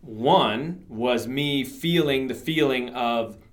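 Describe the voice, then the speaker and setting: A man's voice: mid-range voice, slow. A man co-hosting a podcast, telling a personal story with eager enthusiasm. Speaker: podcast co-host. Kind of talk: casual faith chat, storytelling.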